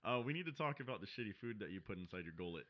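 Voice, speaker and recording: A man's voice: lowish voice, animated, racing. A young man co-hosting a casual comedy podcast, teasing his friend, swearing a lot and laughing often. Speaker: podcast co-host. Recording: dull lo-fi recording.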